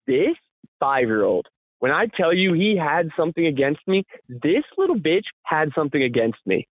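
A man co-hosting a podcast, telling a story in a casual, animated way, laughing often and swearing freely. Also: a little high, moderate pace, no echo. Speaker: podcast co-host. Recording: tinny phone-like sound, dry.

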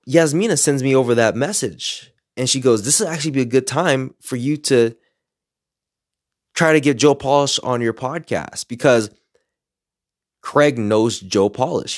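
A man tells a story in a casual, excited way, jumping into the voices of the people he quotes. He has a middle-pitched voice, recorded close and dry with no room sound. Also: unhurried, long pauses, no echo. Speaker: podcaster telling a story.

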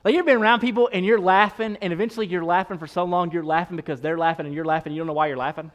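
Animated high-voiced male pastor preaching. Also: very fast. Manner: animated, swings between loud punchy asides and soft quoted passages. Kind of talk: sermon.

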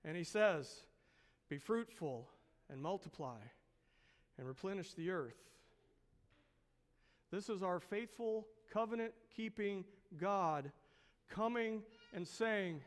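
A man's voice: sits high, takes it slowly, long pauses, in a large hall. A man preaching a sermon as a pastor, stretching out words for emphasis and asking the congregation rhetorical questions.

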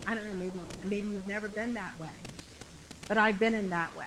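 A middle-aged woman with a mid-range, slightly bright voice preaches at normal speed with fairly even intonation. Conversational and emphatic, she repeats phrases to build her point while a congregation answers her, and the rough recording has a little hiss or hum.

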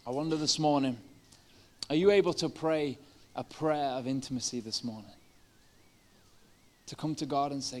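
A man's voice: mid-range voice, moderate pace, long pauses. A man preaching a sermon in a church service, telling a story in a casual, conversational way with many fillers. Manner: conversational, lots of 'like' and 'uh'. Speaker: pastor. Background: live band playing soft guitar.

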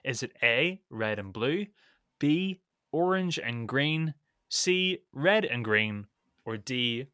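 A man's voice: mid-range voice, animated, takes it slowly, pushed and bright, smooth, no echo, studio quality. A man co-hosting a casual podcast, reading out quiz questions and answer options with a playful lilt.

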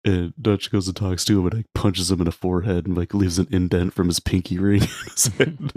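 A man's voice: low-pitched, brisk, a little mellow, no echo, studio quality. A man co-hosting a podcast, casually retelling movie scenes in a rambling way with lots of filler words. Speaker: podcast co-host.

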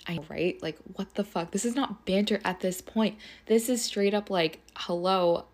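A woman's voice: medium pitch, normal speed, darkish tone. A young woman hosting a podcast, telling a personal story in a chatty, casual way, swearing often and filling her talk with "like". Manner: chatty and profane, heavy use of "like". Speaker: podcast host.

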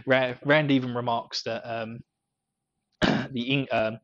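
A man's voice: medium pitch, steady tone, drawn-out words, a bit bright, no echo. A man hosting a podcast, chatting casually about a book and laughing often between his thoughts. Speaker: podcast host. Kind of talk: casual book discussion chat. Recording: slightly dull lo-fi audio.

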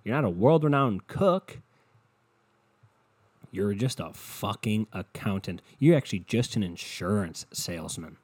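A man's voice: fairly low pitch, animated, a little slow, darkish tone, breathy edge. Young guy ranting on his podcast, swears a ton, sarcastic and rambly, talking into his computer mic at home. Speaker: podcast host. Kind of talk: solo podcast rant. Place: bedroom. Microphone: desktop computer mic.

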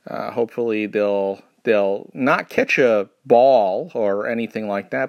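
A man from New York hosting a podcast, delivering a rambling comedic monologue with a sardonic edge, halting often with fillers. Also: on the low side, gravelly, dry recording, studio quality. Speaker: podcast host.

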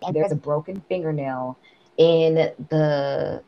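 Animated woman recapping a film, slightly low voice. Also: takes it slowly, lo-fi sound. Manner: animated, profane retelling of scenes. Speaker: podcast co-host. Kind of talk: casual movie review chat.

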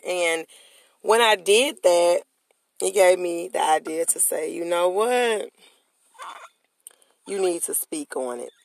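A motivational podcast host with a gravelly, creaky voice, recorded dry and close with no room sound. The host preaches in repeated, call-and-response phrases. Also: mid-range voice, a little slow, dry recording. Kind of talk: motivational talk.

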